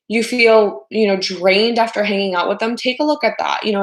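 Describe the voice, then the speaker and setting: A woman hosts a casual livestream as a life coach. She talks chattily, with lots of "like" and "you know", and slips into the voices of the people she quotes. Her voice sits at a middle pitch and rings in a roomy space. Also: fairly bright tone. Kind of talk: casual livestream talk to viewers.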